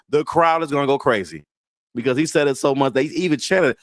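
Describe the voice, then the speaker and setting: Animated man chatting wrestling. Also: mid-range voice, brisk, dry recording. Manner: animated, excitable, joking. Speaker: co-host. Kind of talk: casual wrestling talk.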